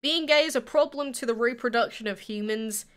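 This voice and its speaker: Her voice is a little high, a bit bright, and brisk. She's a nineteen-year-old from England with an English accent, chatting easily on stream and replying to viewers' questions.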